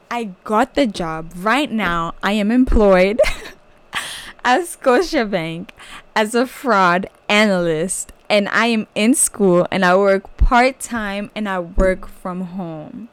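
Gushing young woman sharing her testimony. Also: medium pitch. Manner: gushing, casual, says "like" and "y'all" often. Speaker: podcast host. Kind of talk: personal faith testimony.

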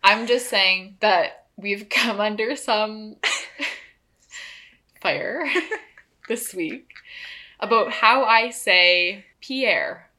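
A woman with an English Canadian accent co-hosting a casual chat podcast, talking fast and laughing often. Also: medium pitch, sharp tone. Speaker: podcast co-host.

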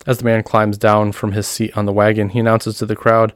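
Low-voiced man running a tabletop game. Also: completely flat delivery, a little fast, few pauses, no room sound, studio quality. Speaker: game master.

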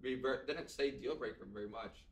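A man's voice: mid-range voice, brisk, recorded from a distance. A young man co-hosting a podcast in casual chat, rambling with lots of ums and likes and cracking jokes. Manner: chatty, many ums and likes, jokey. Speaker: podcast co-host. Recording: echoey room, voice a bit off-mic.

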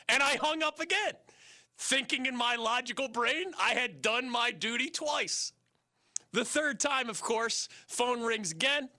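Sports radio host in his 50s, high voice, very bright tone, animated storyteller. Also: a little slow. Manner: animated storyteller, chuckles while talking. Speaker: radio call-in show host.

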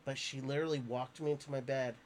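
Podcast host, man, mid pitch, earnest halting storyteller, casual chat. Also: fairly even intonation, crowd noise. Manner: earnest, halting, emotional retelling with restarts.

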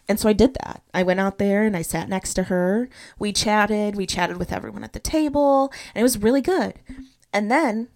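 A young woman hosting a solo podcast, retelling a personal story in an animated, confessional way. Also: medium pitch, normal speed. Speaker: podcast host.

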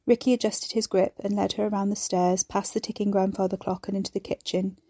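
A woman narrates a serialized story in an even, measured manner. Her voice is mellow and warm. The sound is dry and close, with no room around it. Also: mid-range voice, no echo. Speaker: audiobook narrator. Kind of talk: scripted narration.

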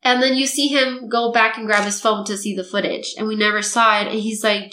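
A woman's voice: medium pitch, brisk, few pauses. A young woman, a podcast host, telling a personal story in casual chat and acting out what people said. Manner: animated storytelling, acting out quotes. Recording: echoey room.

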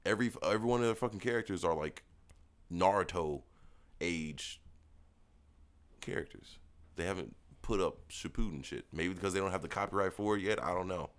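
A man's voice: sits low, fairly quick. A young man co-hosting a podcast in casual chat, rambling through stories, swearing freely and laughing at his own jokes. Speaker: podcast co-host.

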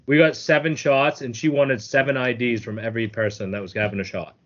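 A man's voice: medium pitch, fairly even intonation, brisk. New England man, podcast co-host, matter-of-fact delivery, dull lo-fi sound. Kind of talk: casual sports chat. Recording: dull lo-fi audio.

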